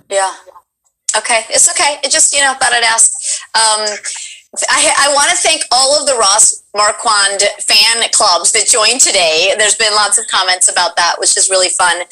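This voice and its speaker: A woman from Colombia hosting a casual live stream, chatting to her guest and to the chat with quick asides. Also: on the high side, sharp tone, rough recording. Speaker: streamer host.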